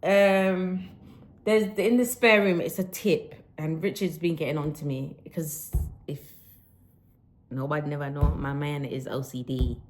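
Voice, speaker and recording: Give me a woman vlogging casually at home, animated, slipping into patois. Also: low-pitched, a little slow. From Jamaican roots. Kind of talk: casual vlog chat.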